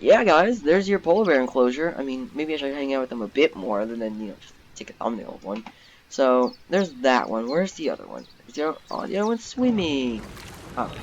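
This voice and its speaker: A young man giving casual, rambling commentary while playing a zoo game, getting excited easily. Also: medium pitch, moderate pace, muffled recording, a little hiss or hum. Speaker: gaming YouTuber. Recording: background game music.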